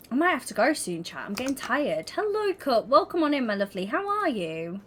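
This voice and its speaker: A woman's voice: high-pitched, sing-song, fairly quick, hardly any pauses, fairly bright tone. A young woman streaming, chatting casually and giggling as she talks to her viewers. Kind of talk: casual livestream chat while gaming.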